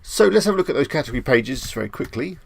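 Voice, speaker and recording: This man's medium-pitched, creaky voice swings widely in pitch and moves fast. Hosting a casual live stream, he reads viewer comments aloud and responds in a loose, chatty way, throwing in self-amused jokes.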